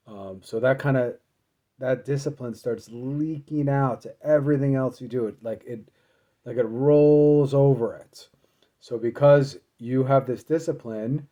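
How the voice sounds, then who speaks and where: A man recounts a personal story in a loose, casual way, circling back with fillers and self-corrections. His voice is dark and mellow and sits at an ordinary middle pitch. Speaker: motivational speaker.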